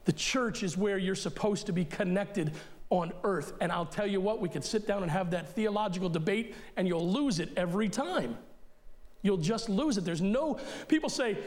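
High-voiced man preaching emphatically. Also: normal speed. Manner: emphatic, conversational preaching that addresses listeners directly. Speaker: pastor. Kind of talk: sermon.

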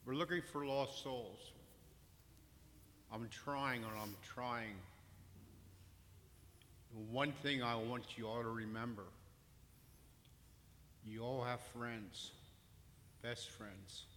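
A man from the congregation giving a personal testimony at the microphone in a slow, earnest, halting way. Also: medium pitch, fairly even intonation, a bit bright, slight background noise. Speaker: church member giving testimony. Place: church sanctuary. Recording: long hall reverb with faint ambience.

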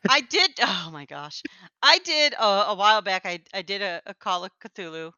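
A woman's voice: medium pitch, animated, normal speed, bright, forceful tone, clean tone, no room sound. A woman co-hosting a podcast in casual chat, talking in a chatty, self-deprecating way and laughing easily. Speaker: podcast co-host. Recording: slightly dull lo-fi sound.

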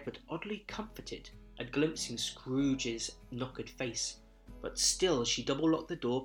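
A man reads a Christmas story in verse at a medium pitch, his delivery measured and rhythmic. Soft guitar music plays quietly behind him. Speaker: narrator.

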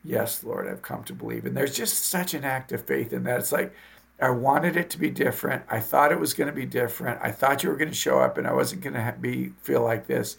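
A man co-hosting a faith podcast as a deacon, reflecting in casual chat and softly quoting scripture. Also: mid-range voice, fairly quick, gravelly.

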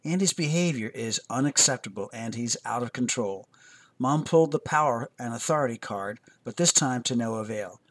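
Brief: male host, scripted parenting narration, calm and measured, clean studio mic. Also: mid-range voice.

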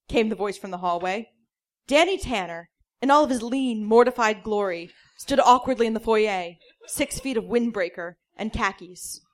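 A woman comedian reads a story aloud in a dry, deadpan way, with a middle-pitched voice. She sometimes breaks into laughter at her own lines. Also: normal speed. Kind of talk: comic reading of a story.

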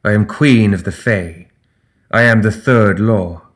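A man voicing an ancient, commanding fae queen in an audiobook, speaking slowly and gravely. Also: fairly low pitch, close to an everyday voice. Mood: imperious. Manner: slow, solemn, regal delivery.

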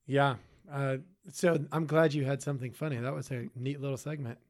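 A man's voice: medium pitch, steady tone, fairly quick, darkish tone. A man co-hosting a podcast in casual chat, often trailing off and restarting his sentences. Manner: hesitant, trailing off mid-sentence. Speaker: podcast co-host.

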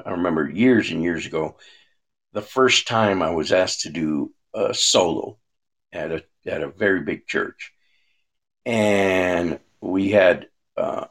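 A man with a low, slightly bright voice gives a devotional talk, an earnest and conversational sermon built around a personal story. He frequently checks in with his listeners.

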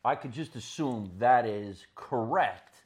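An older man co-hosting a laid-back podcast, spinning jokey stories and laughing as he talks. His voice sits at an ordinary pitch for a man. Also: lively intonation, takes it slowly. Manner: storytelling, joking, laughs often. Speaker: podcast co-host. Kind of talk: casual comedic banter.

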